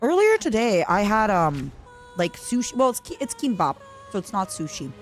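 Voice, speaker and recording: A young woman streams a video game while chatting casually and rambling, reading out chat messages and answering her viewers. Her mid-range voice is very animated at a moderate pace, with soft music playing in the background.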